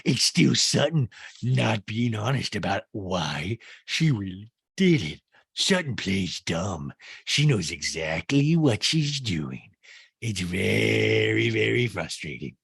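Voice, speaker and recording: A man hosting a podcast, recapping a reality show in casual, profane, exasperated commentary and mimicking the cast in low, mocking voices. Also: sing-song, slow pace, gravelly, a bit bright, slightly rough, dry recording, studio quality.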